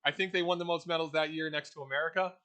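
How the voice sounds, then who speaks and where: A man's voice: on the high side, steady tone, rapid-fire, sharp tone. A man giving a profane, rambling, casual explanation of a role-play setting.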